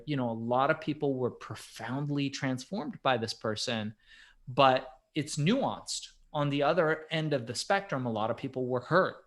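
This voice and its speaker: A middle-aged man co-hosting a podcast, telling stories with a very lively, swooping pitch. His voice drops to a hush and then climbs to loud bursts, in easy casual chat. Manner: animated, swings from hushed to loud. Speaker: podcast co-host.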